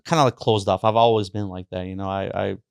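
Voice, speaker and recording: A young man, a podcast guest, telling his personal faith story in a halting way, with many restarts and fillers. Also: sits low, steady tone, vocal fry, clear, resonant tone, dry recording, studio quality.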